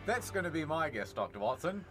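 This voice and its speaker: A man riffs as a pompous mock detective, making grand deductions about a video game. His pitch runs a little high and swings widely. Faint music plays behind him. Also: big pitch swings, brisk. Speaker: comedy co-host.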